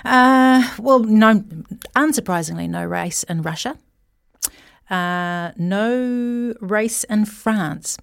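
A woman talking casually about motor racing, chatty and animated, jumping between asides. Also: mid-range voice, slow pace, vocal fry, clean tone, dry recording, clean studio sound. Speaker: guest commentator.

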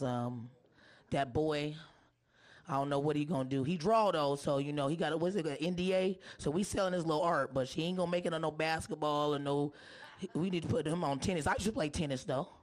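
A woman comedian doing a live stand-up set with a hoarse voice. She is brash and profane and teases the audience. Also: low voice.

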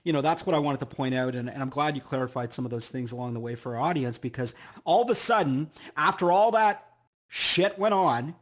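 A man's voice: medium pitch, a little fast. A man hosting an interview, encouraging his guest with rambling, filler-heavy remarks. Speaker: podcast host.

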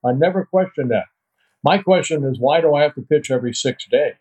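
An older man from the Netherlands, a guest in a podcast interview, telling chatty, lively anecdotes and chuckling between them. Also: a little high, brisk, poor audio. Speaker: guest, retired pitcher.

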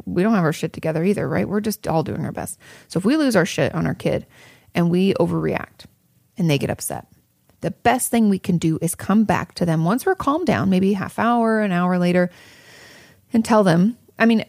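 A woman's voice: on the low side, vocal fry, a little mellow, dry recording, studio quality. A woman therapist hosting an advice podcast, talking candidly and casually, swearing freely and drifting into tangents.

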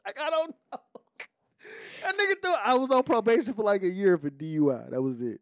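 Give me an animated male podcast host telling a raw story, dry and close. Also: sits high, fast, no echo. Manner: animated, profane storytelling with shifting voices. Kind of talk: casual storytelling chat.

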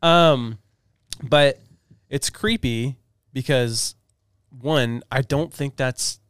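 A man co-hosting a podcast, eagerly explaining a topic in casual chat with quick asides. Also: medium pitch, fairly bright tone, clean tone, no room sound, studio quality. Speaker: podcast co-host.

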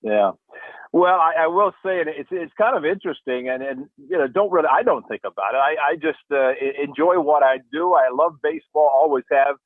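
An older man, a former player now working as a radio analyst, tells rambling, warm stories on a sports show, restarting often. His voice sits on the high side with lively intonation and a brisk pace. The dry, phone-like radio line has no echo.

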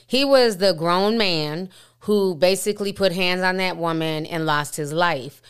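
A woman's voice: lowish voice, unhurried, clear, resonant tone. A woman hosting a commentary vlog, talking conversationally and straight to her viewers. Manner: conversational, addresses viewers directly. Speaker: host.

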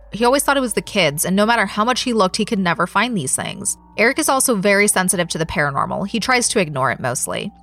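A woman's voice: mid-range voice, a bit bright, no echo. Chatty woman podcast host, dry close mic. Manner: chatty, reacts aloud while reading. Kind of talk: casual podcast chat and reading a listener story.

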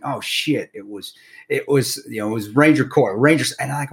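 A man, a former Army Ranger who co-hosts a podcast, in casual conversation, eager and quick to laugh. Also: mid-range voice, expressive. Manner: eager, laughs often, quick back-and-forth.

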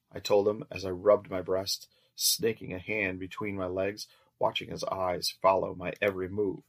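A man reading a first-person story aloud as narrator in a steady, measured way. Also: sits low, gravelly.

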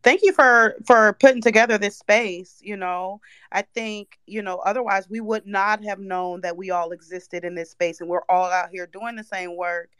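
A woman podcaster speaking in a casual live chat, appreciative and steady. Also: medium pitch, moderate pace, clear, resonant tone, dry recording.

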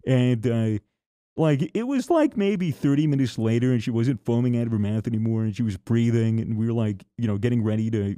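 Young man, podcast co-host, mellow voice, dry close sound, swears a lot, casual storytelling. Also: mid-range voice, no room sound. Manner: swearing, storytelling with joking asides. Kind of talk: casual chat.

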